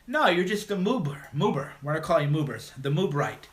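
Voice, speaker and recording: A man's voice: on the high side, big pitch swings, a little fast. A man hosting a call-in livestream, talking bluntly and mocking his critics in a combative monologue. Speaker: livestream host.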